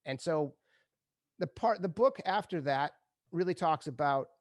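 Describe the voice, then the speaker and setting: A man's voice: on the high side, a little slow, dry recording, clean studio sound. A middle-aged man, a retired ad executive, telling stories as a guest in an interview and acting out quotes with laughs. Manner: animated storyteller, acts out quotes, laughs often. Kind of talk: conversational interview storytelling.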